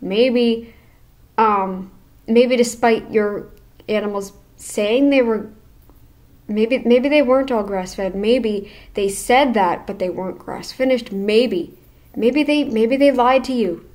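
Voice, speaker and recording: A woman's voice: a little high, slow pace, a little mellow. Blunt, sarcastic woman reacting to a clip. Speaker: reaction channel host. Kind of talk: casual reaction commentary.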